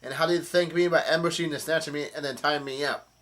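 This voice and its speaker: A man casually recapping a comic chapter, reading quoted lines aloud in a halting, hesitant way. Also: a little high, fairly even intonation, a bit bright. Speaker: manga chapter reviewer.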